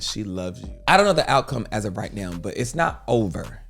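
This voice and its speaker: A man's voice: lowish voice, sing-song, brisk, vocal fry, hardly any pauses, fairly bright tone, faint music behind. A man hosting a storytime advice show, speaking earnestly in a preachy, comforting way.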